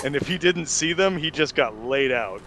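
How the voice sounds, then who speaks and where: Man, fairly high voice, animated storyteller, noisy recording. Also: moderate pace. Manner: animated, shouts in mock insults. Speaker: player in a tabletop game podcast. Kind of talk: casual storytelling among friends.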